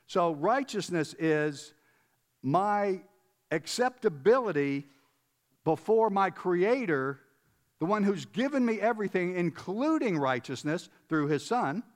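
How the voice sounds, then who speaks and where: A man's voice: fairly high pitch, animated, a little slow. A man preaching a conversational sermon, emphatic, repeating words and putting questions to his listeners. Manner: emphatic, repeats words, chuckles, asks the audience. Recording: long reverb of a large hall.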